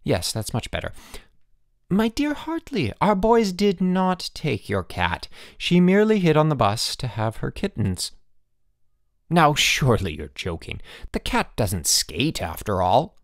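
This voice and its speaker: A man's voice: lowish voice, big pitch swings, moderate pace, hardly any pauses, fairly bright tone, no echo, studio quality, exaggerated voice. A man voicing a stern, self-satisfied boarding-school headmaster who speaks in a clipped, formal way. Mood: smug.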